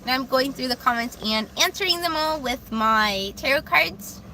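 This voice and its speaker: Young female tarot streamer, casual and self-deprecating, bright tone. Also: high-pitched, lively intonation, moderate pace, a little hiss or hum. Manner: rambling, self-deprecating, stumbles over words. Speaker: livestream tarot reader. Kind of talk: casual livestream chat reading comments.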